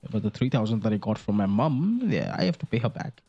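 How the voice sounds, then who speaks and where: Fast and sing-song, a young Indian man around eighteen speaks in a warm, fairly low voice over soft background music, the sound a bit lo-fi. As a gaming creator on a desk mic, he offers rambling, jokey gameplay commentary loaded with fillers and occasional swearing.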